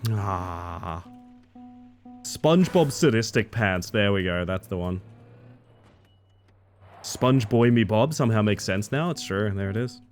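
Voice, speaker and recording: A man's voice: fairly low pitch, unhurried, long pauses, faint music behind. A man live-streaming a racing game, chatting casually and riffing playfully on his viewers' comments. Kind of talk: casual live-stream chat while playing.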